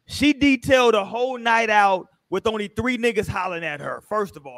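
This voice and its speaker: A man's voice: sits high, fairly quick, few pauses, a bit bright, dry recording. A man hosting a relationship podcast panel, arguing his point in casual talk and swearing freely. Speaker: podcast host.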